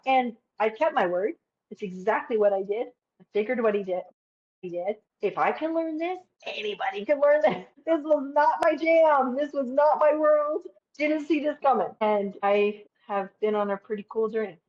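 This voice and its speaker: A woman guest in a casual interview, talking in an animated, emphatic way and swearing casually. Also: high-pitched, normal speed, dull audio.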